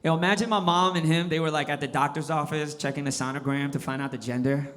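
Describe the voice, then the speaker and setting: A man in his forties performing a stand-up comedy set, animated and switching into impressions. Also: on the high side, fast. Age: 40s.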